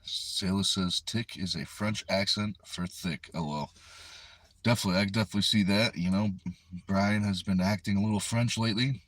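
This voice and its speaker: Brief: low-pitched male streamer, laid-back, reading chat aloud from his car on a phone mic. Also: brisk, a bit bright, no echo. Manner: easygoing, chatty, reads comments aloud and answers them. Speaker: livestream host. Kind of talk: casual live chat reading viewer comments. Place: inside a parked car. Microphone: phone resting on the steering wheel.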